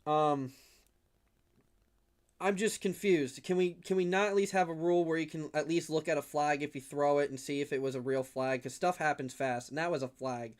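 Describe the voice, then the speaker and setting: Young male streamer, fan play-by-play from his home room, slightly higher voice, rambles and gets heated. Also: steady tone, moderate pace. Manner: rambling, gets worked up and shouts at big hits. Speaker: livestream play-by-play host. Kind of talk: casual fan play-by-play commentary.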